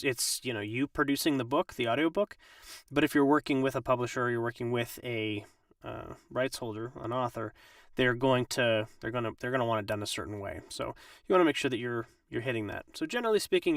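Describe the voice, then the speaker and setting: A man's voice: medium pitch, fairly bright tone, no room sound, far from the mic. Rambling man, dry, slightly off-mic. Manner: rambling, with many ums and restarts. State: slightly under the weather. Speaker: voice actor and audiobook narrator. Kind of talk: casual live-stream tutorial.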